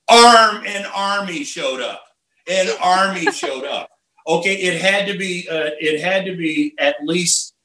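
Animated man in a roomy room. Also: on the high side. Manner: animated, acts out quotes, many fillers. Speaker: martial arts instructor. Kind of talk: casual storytelling. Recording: roomy echo.

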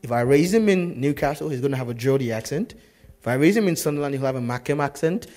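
A man preaching a sermon as pastor, telling stories in a lively way that swings from loud to hushed. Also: medium pitch, quick pace, faint music behind.

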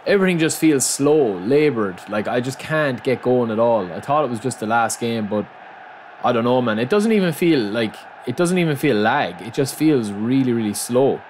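A young man talks through his football video game match in a running stream of commentary, his voice sitting at a middle pitch. He mutters half to himself, then bursts out loudly at the players on screen, with a faint hum of noise underneath. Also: animated, moderate pace. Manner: frustrated, muttering self-talk that bursts into loud outcries at the game. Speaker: gaming channel host.

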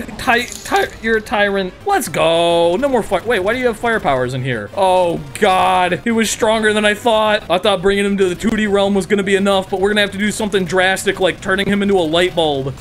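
A young man giving goofy, excitable let's-play commentary, swearing and joking as he plays. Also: high-pitched, a little fast, few pauses, slight background noise. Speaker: gaming streamer.

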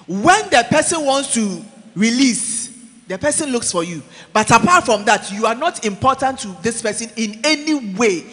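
A man preaching a sermon in a church, animated, mixing English with Twi, swinging from shouts to low asides. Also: moderate pace, long reverb tail.

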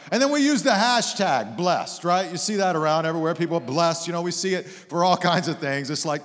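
A middle-aged man preaching in a church sanctuary, his voice sitting a little higher than most men's. He tells stories with lively, joking energy. The sound rings out with a long hall reverb behind every phrase. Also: fairly quick, few pauses. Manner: animated, humorous storytelling. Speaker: guest pastor. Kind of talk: sermon.

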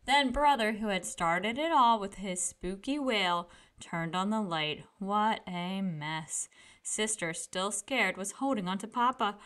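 Reading aloud from a picture book for kids, a woman uses a mid-range voice and a softly expressive storytelling style.

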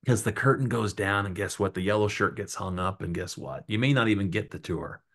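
A man guesting on a podcast, talking in an animated, preachy motivational style full of stories and punchy repeated lines. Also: on the low side, fairly quick. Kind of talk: motivational interview talk.

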